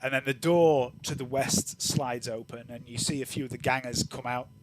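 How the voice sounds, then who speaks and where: A man's voice: medium pitch, normal speed, noisy background. Easygoing male game master. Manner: relaxed, rambling with many fillers. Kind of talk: narrating a tabletop game.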